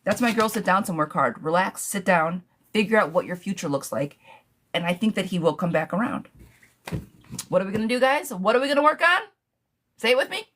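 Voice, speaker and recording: A woman hosting a live tarot stream, chatting casually and affectionately, with many pet names for her viewers and quick, animated bursts of talk. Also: mid-range voice. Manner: animated, talks fast in bursts, laughs often.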